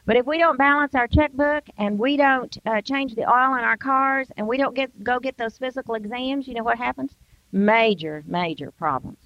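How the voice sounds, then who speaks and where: A woman's voice: sits high, fairly even intonation, brisk, hardly any pauses, a bit bright, dry recording. An older woman speaker giving an emphatic Christian devotional talk, acting out everyday excuses in quoted voices. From United States. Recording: dull, dry sound.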